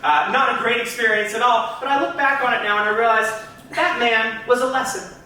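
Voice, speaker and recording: Bright-voiced male comic in an echoey club. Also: extremely high pitch, brisk, slight background noise. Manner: theatrical, punchy storyteller addressing the crowd. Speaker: stand-up comedian. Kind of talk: stand-up comedy storytelling. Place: comedy club stage. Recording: echoey club room, mic at a distance.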